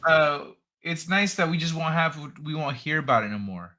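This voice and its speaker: Tired yawning guy on a stream, bright tone, rambling and laid back. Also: a little high, lively intonation, normal speed. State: sleepy, yawning. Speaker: stream guest. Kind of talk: casual chat.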